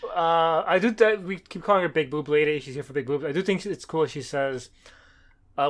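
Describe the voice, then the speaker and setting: A man's voice: fairly high pitch, moderate pace. A man on a podcast eagerly reacting to a manga in casual conversation, often restarting his sentences. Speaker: podcast co-host. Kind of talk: casual chat about a manga.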